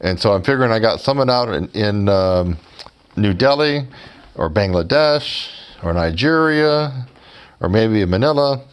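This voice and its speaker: A man's voice: on the low side, expressive, measured pace, clear, resonant tone. A man telling a story to his viewers in a sarcastic, mocking way and speaking directly to them as folks. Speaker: YouTuber.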